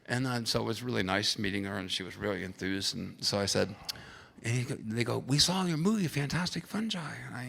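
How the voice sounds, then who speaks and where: A man's voice: lowish voice, fairly even intonation, fast talker, gravelly, a bit bright, slight background noise. A middle-aged man speaking on a conference panel, telling stories in a rambling way with restarts and acting out quoted voices. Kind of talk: conversational storytelling on a panel. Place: conference hall. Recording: long hall reverb.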